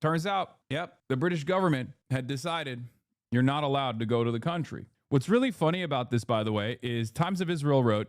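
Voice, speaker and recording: A man's voice: mid-range voice, expressive, a little fast, dry recording, clean studio sound. Heated man streaming commentary. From United States. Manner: heated, indignant, many fillers and restarts. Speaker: live streamer. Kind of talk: live-stream political commentary.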